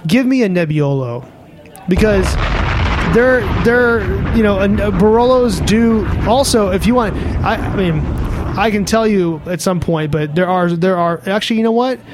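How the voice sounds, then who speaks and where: High-voiced, excitable wine guy. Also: normal speed, noisy background. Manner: enthusiastic, profane, explains wine with restarts. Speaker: restaurant owner and wine guest. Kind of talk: casual podcast chat.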